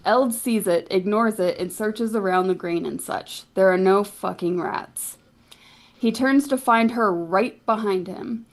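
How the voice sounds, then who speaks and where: A woman recounting a fantasy game session in a loose, wry way. Her voice sits at an ordinary middle pitch, and the telling is casual and a bit irreverent. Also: a little slow. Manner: casual, wry, laughs and swears. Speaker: game recap narrator.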